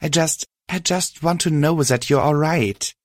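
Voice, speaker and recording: A man's voice: unhurried, no room sound, studio quality, close to an everyday voice. Man doing a pleading young pegasus mare. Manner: pleading, raised pitch. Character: worried earnest young female pegasus pony.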